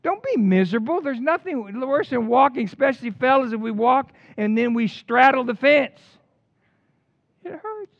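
An older man preaching a sermon in an animated storytelling way, with casual slang. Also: very high-pitched, moderate pace, vocal fry, hardly any pauses, no echo. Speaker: pastor. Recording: dull lo-fi dry recording.

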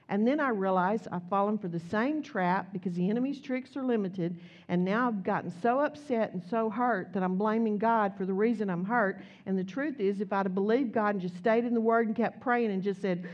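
A woman preaching a sermon in a conversational, animated storytelling way, acting out quotes as she goes. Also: medium pitch, moderate pace, highs cut off.

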